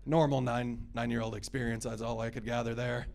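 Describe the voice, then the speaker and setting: A man's voice: mid-range voice, level tone, a little fast, creaky, darkish tone. A man in his thirties doing a stand-up comedy set, with crude, sarcastic crowd work. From United States. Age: 30s.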